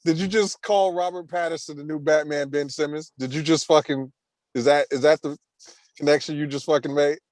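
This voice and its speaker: Male podcast host, slightly high voice, teasing and laughing, dry close sound. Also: steady tone, a little fast, darkish tone, dry recording. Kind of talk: casual chat.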